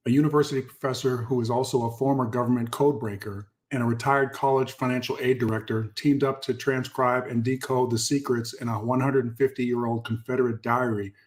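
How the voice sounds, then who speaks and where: A man's voice: medium pitch, fairly even intonation, a little fast, hardly any pauses. A man hosting his own channel, reading passages aloud and commenting on them emphatically. He repeats key words and speaks directly to his viewers. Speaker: channel host.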